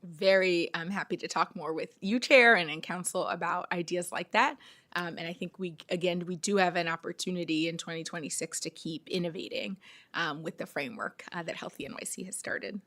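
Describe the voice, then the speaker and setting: A woman testifying at a council hearing as a city health official, measured and earnest, with frequent ums. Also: fairly low pitch, a bit bright.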